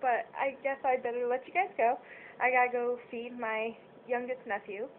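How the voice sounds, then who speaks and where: A woman's voice: fairly high pitch, flat delivery, normal speed. A young woman chatting casually to her viewers, rambling and apologizing often, with lots of fillers. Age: young adult. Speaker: vlogger. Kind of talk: casual chat to camera. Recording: tinny phone-quality audio with faint hiss.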